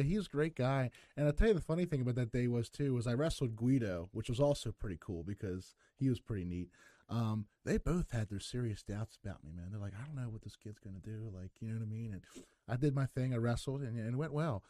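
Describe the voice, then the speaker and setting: A man's voice: mid-range voice, warm tone, no room sound. Young guy wrestler rambling thru a story, lots of "like", dry close sound. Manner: rambling, heavy filler words, acts out quotes. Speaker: pro wrestler guest. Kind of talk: casual interview storytelling.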